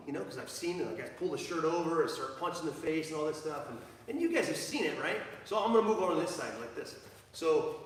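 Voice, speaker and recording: A man's voice: on the high side, expressive, fast talker, a bit bright. A man teaching a jiu-jitsu class live, rambling with many fillers and restarts, recorded in an echoey training gym from a distance. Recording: echoey hall, from far off.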